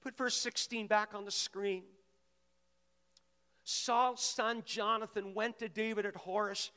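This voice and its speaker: A male pastor delivers a sermon in a high, bright voice, pressing his congregation to answer him aloud. His words ring out with a long echo across a large auditorium. He rises in fervor as he speaks. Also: little pitch movement, slow pace, clean tone. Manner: preaching with rising intensity, calling on the audience.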